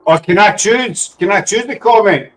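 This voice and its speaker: A man's voice: high-pitched, normal speed, fairly bright tone. A man hosting a casual group chat, teasing and jokey.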